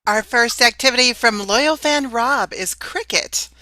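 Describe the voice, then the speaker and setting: A woman's voice: on the high side, a little slow, sharp tone, no room sound. A woman reading audience suggestions aloud for an online improv show, cheerful and chatty. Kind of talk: casual show co-host.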